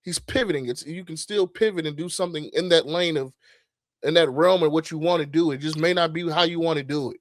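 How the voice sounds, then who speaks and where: A man's voice: fairly high pitch, a little fast, no echo, clean studio sound. A middle-aged man co-hosting a podcast, talking casually and animatedly, swearing freely and restarting his sentences. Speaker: podcast co-host.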